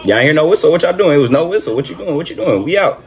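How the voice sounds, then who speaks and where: Animated man reacting to a game. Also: fairly high pitch, rapid-fire, gravelly, a faint crowd. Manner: animated, excitable, repeats phrases, slangy. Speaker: reaction streamer. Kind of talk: live reaction commentary on a basketball game.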